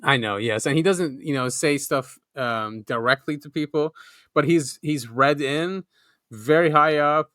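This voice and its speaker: A man's voice: a little high, unhurried, fairly bright tone, no room sound, clean studio sound. A man hosting a podcast, chatting in a jokey way and laughing often. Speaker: podcast host. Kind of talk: casual chat.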